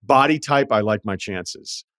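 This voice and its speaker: A man's voice: lowish voice, unhurried, a bit bright, dry recording, studio quality. A man hosting a podcast, telling stories in a wry, profane, casual way. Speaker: podcast host. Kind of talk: casual chat.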